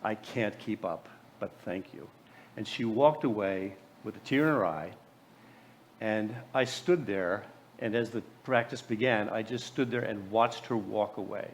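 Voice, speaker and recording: American guy late 60s, keynote talk, tells old stories, trips over words a bit, faint hum behind. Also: lowish voice. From USA. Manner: halting, repeats words while telling a personal story. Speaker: keynote speaker. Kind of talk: storytelling keynote speech.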